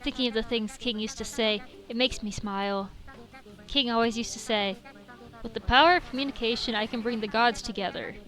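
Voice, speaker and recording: A woman's voice: on the high side, brisk, a bit bright, natural voice. A woman reading a heartbroken devoted companion. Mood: wistful.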